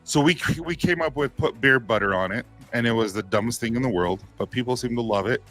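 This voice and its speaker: Bright-voiced man hosting a casual livestream. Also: medium pitch, fairly quick, soft background music. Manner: rambling, laughs easily. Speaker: beard care company owner, livestream host.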